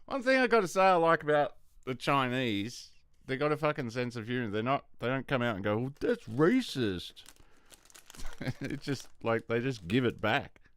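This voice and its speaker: A man's voice: medium pitch, expressive, brisk, a bit bright, smooth, no echo. A man hosting a livestream in casual rambling chat, swearing freely and laughing often. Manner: rambling, profane, laughs a lot. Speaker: livestream host.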